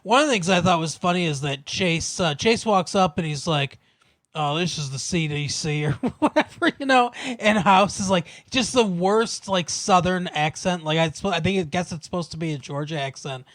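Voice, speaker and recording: Guy recapping a tv episode, kinda high voice, dry close sound, chuckles a lot. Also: moderate pace, hardly any pauses, a bit bright, no echo. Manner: rambling, laughs often, many fillers. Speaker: podcast co-host. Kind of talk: casual chat recapping a TV episode.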